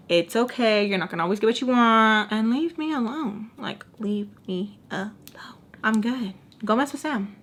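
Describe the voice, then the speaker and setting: Young woman vlogger, spills a story to camera, chatty, lots of "like", bits slip in. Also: a little high. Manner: chatty, animated, drops in Spanish words and fillers.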